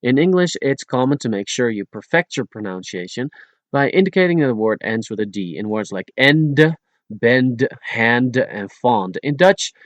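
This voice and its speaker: A man reading a pronunciation lesson at a measured pace, pausing between example words and sometimes correcting himself. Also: medium pitch, big pitch swings, no room sound, lo-fi sound. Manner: occasional stumbles and self-corrections. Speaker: language teacher. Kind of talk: read-aloud pronunciation lesson.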